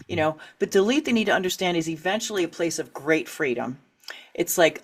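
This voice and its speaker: A middle-aged woman talking as an interview guest, her voice sitting a little low for a woman. She tells her story candidly and with lots of energy, laughing often and acting out reactions in quick little voices. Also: breathy edge. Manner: animated, laughs often, acts out quoted reactions. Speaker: author and writing coach, interview guest.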